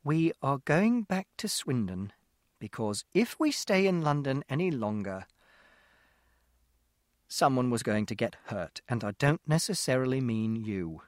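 A man's voice: on the high side, very animated, a little slow, a bit bright, no room sound, clean studio sound. A man voicing a strained, weary mother. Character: stressed, tired mother losing patience.

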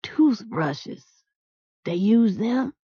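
A woman's voice: on the high side, expressive, very slow, warm tone, breathy edge, dry recording, pitched above the performer's own voice, exaggerated voice. A woman voicing a grizzled, shy old man who works at a park, talking hesitantly with folksy, ungrammatical speech, in a dull, dry recording. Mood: puzzled.

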